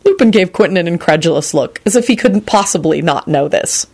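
A woman reads a story aloud in a lowish voice. Her delivery is expressive, with wide lift and fall, and she keeps the narration moving. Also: a little fast, creaky. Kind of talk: audiobook reading of fan fiction.

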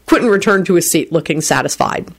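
A woman's voice: lowish voice, animated, fast talker. A woman narrating a story aloud and voicing all the characters herself. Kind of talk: fan fiction reading.

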